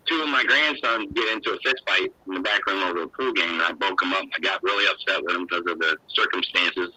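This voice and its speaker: Older man, guest storyteller, rambling and folksy, low pitch, husky tone. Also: fast, sharp tone, dry recording, poor audio. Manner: rambling, emotional, folksy with frequent "you know". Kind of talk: personal storytelling.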